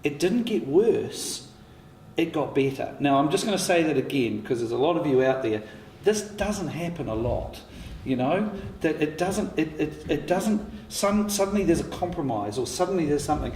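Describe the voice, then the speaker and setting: A man's voice: fairly high pitch, lively intonation, moderate pace, a little mellow. Man in his fifties telling stories with a laugh. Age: 50s. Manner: laughing, swearing, full of restarts. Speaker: writer and co-creator on a panel. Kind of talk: candid anecdotal panel talk. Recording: echoey hall with faint noise.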